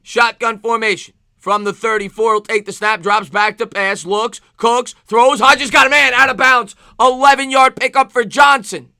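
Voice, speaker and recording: A man with a New York accent streaming live play-by-play football commentary, excitable, with rhyming calls and thanks to chat viewers. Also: very high voice, moderate pace, gravelly, hardly any pauses, clear, resonant tone, dry recording, studio quality. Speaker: sports streamer.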